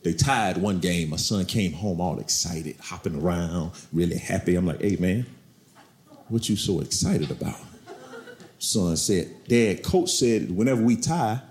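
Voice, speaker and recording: A middle-aged man doing stand-up, telling animated stories about his kids and acting them out in high voices. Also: unhurried. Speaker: stand-up comedian. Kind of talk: stand-up comedy routine. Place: comedy club stage. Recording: echoey club with loud crowd noise.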